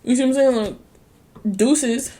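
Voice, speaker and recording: A woman's voice: sits high, dark tone. Sassy, profane woman tarot reader. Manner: blunt, sassy and slangy, swears freely; laughs often, drawn-out speech. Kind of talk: casual tarot reading.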